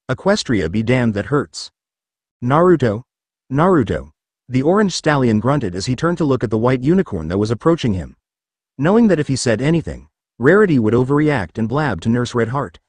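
Animated man narrating a story. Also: medium pitch, dry recording. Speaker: story reader. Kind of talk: scripted narration of a fan story.

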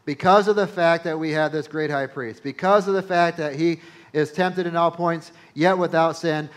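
A male pastor preaching a sermon, emphatic, repeating phrases and building to loud peaks. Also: fairly high pitch, moderate pace.

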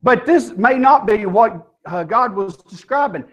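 A man's voice: high-pitched, expressive, a little slow, fairly bright tone, highs cut off. A male pastor preaching a sermon in a church, emphatic and firing rhetorical questions at his congregation.

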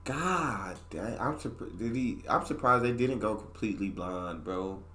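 Low-voiced, slangy guy in an echoey room. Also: lively intonation, normal speed, bright, forceful tone. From United States. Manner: loose, slangy, exclaiming. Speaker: reaction video host. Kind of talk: casual reaction chat. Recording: roomy echo.

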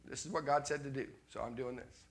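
An older man preaching a sermon as pastor, animated, jumping from loud exclamations to quiet asides. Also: medium pitch, a little fast.

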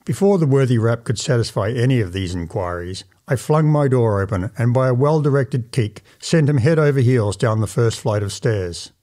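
Mellow male audiobook narrator. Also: medium pitch, lively intonation. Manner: measured, formal storytelling in first person.

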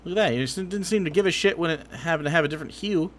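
A man's voice: a little high, racing, slight background noise. A man streaming reaction commentary on political clips, sarcastic and profane, growing heated.

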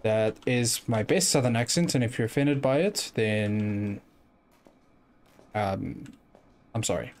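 A man's voice: on the low side, slow pace, pauses often, darkish tone. A man giving let's play commentary, chatting and muttering to himself as he plays a video game. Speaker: gaming YouTuber.

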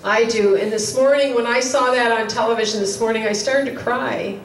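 A woman's voice: a little high, steady tone, moderate pace. A woman preaching a sermon in a chapel with earnest urgency, repeating her key lines for emphasis. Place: chapel hall. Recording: roomy, distant mic, faint noise.

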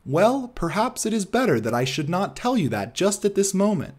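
A man's voice: sits high, big pitch swings, normal speed, a little mellow, breathy edge, pitched above the performer's own voice, full character voice. A man voicing a wary, secretive colonel of about forty with a German accent, insistent and probing, in an audiobook reading.

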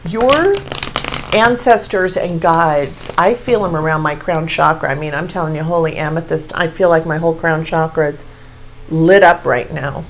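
A woman's voice: deep voice, normal speed, a little hiss or hum, low-quality recording. Gushing woman in her sixties reading tarot. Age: 60s. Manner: gushing, excitable, exclaims over cards. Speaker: tarot reader. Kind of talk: casual tarot reading to camera.

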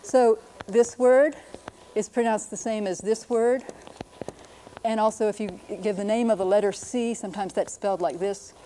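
A woman linguist presenting a televised lesson, explaining briskly and sounding out words to demonstrate them. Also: medium pitch, fairly even intonation, warm tone, slight background noise, rough recording. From United States.

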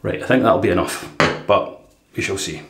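A man hosting a casual shaving video, chatting in a relaxed way and often saying "right". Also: low-pitched, moderate pace, creaky. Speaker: shaving vlogger. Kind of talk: casual shave demonstration. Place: home bathroom. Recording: echoey bathroom with faint water noise.

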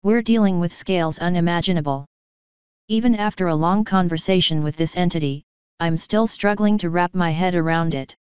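A deadpan pony mare, read by a woman. Her voice is smooth and a little low, with a dry, dull recording sound. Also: normal speed, dry recording, close to an everyday voice. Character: deadpan female pony who had visions.

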